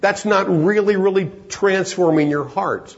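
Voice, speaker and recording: A man's voice: high voice, unhurried, highs cut off. A man preaching a sermon in an earnest, emphatic way that climbs into urgent pleading.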